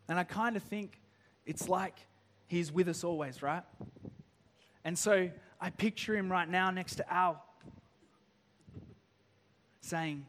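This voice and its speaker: A man preaching a sermon, moving between hushed, slow reading and rising, impassioned pleading. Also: high voice, big-room sound. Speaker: pastor. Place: church.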